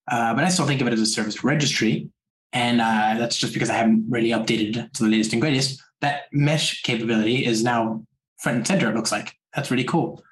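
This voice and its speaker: A man's voice: mid-range voice, roomy sound, low-quality recording. A man hosting a podcast interview, asking rambling questions full of restarts and "like". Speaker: podcast host. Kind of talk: casual interview chat.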